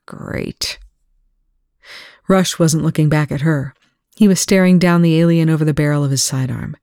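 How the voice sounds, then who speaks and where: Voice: medium pitch, a little mellow, no room sound. Dry-sounding reader narrating fiction. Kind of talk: proofreading read-aloud of fiction.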